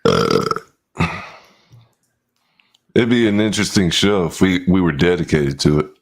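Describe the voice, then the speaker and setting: A man hosting a casual chat show in a slow, laid-back way. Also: low voice, very animated, gravelly. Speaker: host.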